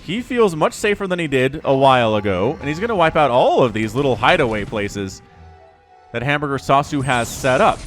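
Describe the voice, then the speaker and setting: Young man narrating a real-time strategy match with a fairly high voice and a lively, bouncing delivery. He talks fast and chatty, reacting excitedly to each fight, with faint background music under him. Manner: excitable, chatty, laughs while talking. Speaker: esports caster. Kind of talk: solo play-by-play game commentary.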